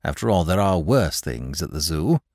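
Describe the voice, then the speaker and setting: A man voicing a languid young gentleman who speaks with grave, florid irony. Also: low-pitched, big pitch swings, moderate pace, dry recording, clean studio sound, voice pushed down, full character voice. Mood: mock-grave.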